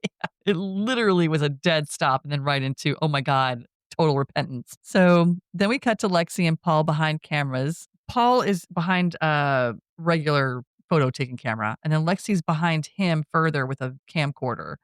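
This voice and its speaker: Podcast co-host, casual film recap, mid pitch, dry close sound. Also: expressive, normal speed, smooth, no echo. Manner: retells scenes with acted-out quotes; laughs often.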